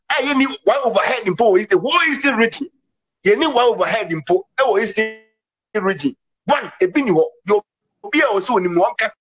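A man's voice: high-pitched, a bit bright, husky, poor audio. A man giving an impassioned political commentary, emphatic, with English words mixed into his talk.

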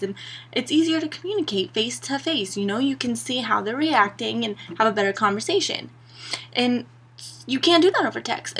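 A young woman vlogger talks straight to her camera in a sarcastic, exasperated rant, peppered with "like" and "you know". Her voice is bright and slightly husky, a little higher than average. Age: young adult.

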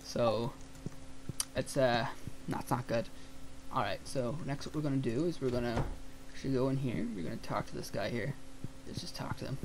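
A man's voice: medium pitch, moderate pace, noisy background. Man rambling over gameplay. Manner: rambling, swears freely, thinks aloud. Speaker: let's play gamer. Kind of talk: casual gameplay commentary.

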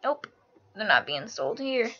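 A young woman host giving casual, excitable gameplay commentary, gushing and giggly. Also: a little high, unhurried. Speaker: gaming channel host. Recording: lo-fi screen-capture audio over game music.

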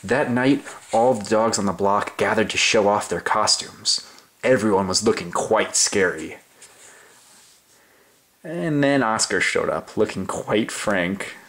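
A man's voice: lowish voice, lively intonation, slow, noisy background. A young man reading a children's story aloud in an overly silly, playful, exaggerated way. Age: young adult. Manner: playful, exaggerated, sing-song.

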